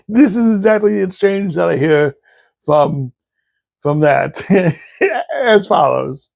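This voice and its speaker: A man hosts a laid-back show, spinning funny family memories and breaking into laughter along the way. His voice is gravelly and unhurried. The sound is dry and close. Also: high-pitched, no echo. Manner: laughs often while telling stories, halting restarts. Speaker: podcast host. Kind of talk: casual storytelling.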